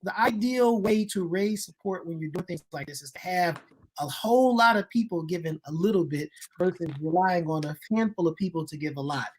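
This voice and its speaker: A co-host on a video call who talks in an animated, joking, colloquial way. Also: mid-range voice, brisk, breathy edge. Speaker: co-host, ministry worker. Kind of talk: casual online talk show.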